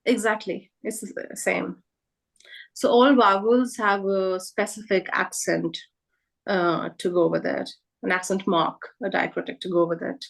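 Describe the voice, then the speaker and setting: Woman teaching a workshop, lots of uh and um, calm patient explaining, medium voice. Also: mid-range voice, unhurried, gravelly, low-quality recording. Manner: patient, explains step by step with many fillers. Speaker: workshop presenter. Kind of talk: explaining pronunciation with slides.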